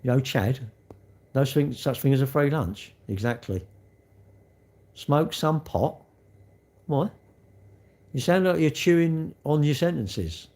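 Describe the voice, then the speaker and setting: A man's voice: on the high side, lively intonation, slow, long pauses, a little mellow. A middle-aged man chatting on a phone livestream, rambling and bantering cheekily with viewers. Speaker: livestream host. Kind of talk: casual chat answering live comments.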